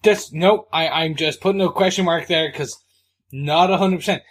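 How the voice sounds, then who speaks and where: Chatty higher-voiced man. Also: normal speed, a bit bright. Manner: chatty, jokey, lots of fillers. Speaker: podcast co-host. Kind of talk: casual podcast chat.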